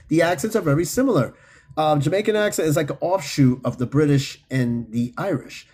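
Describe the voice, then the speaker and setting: Husky man in loose, profane podcast chat. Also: on the high side, a little fast. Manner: loose, profane, animated storytelling. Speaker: podcast host reading chat comments. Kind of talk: casual unscripted chat.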